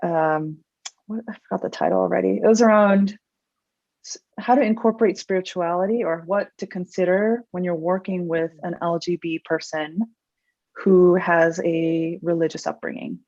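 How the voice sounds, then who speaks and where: A woman psychologist guest speaking in a thoughtful, measured way, pausing with fillers. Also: fairly low pitch, fairly even intonation, vocal fry, darkish tone, no echo. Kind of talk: interview conversation. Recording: muffled dry video-call audio.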